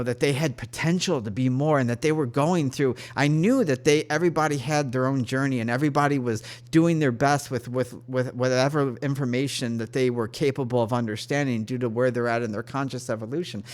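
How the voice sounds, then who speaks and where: A man speaks straight to his viewers about a spiritual experience, at an ordinary middle pitch. His delivery is earnest and emotional, and he keeps breaking off and restarting his sentences. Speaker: spirit guide. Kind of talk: personal spiritual storytelling to camera.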